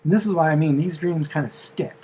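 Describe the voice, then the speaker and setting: Man casually recounting a dream, higher voice. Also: a little fast, darkish tone, slight background noise, rough recording. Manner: meandering, full of fillers and asides. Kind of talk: casual storytelling.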